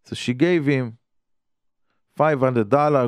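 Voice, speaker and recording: A man tells a story as a sermon in earnest, halting English. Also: a little high, no room sound, studio quality.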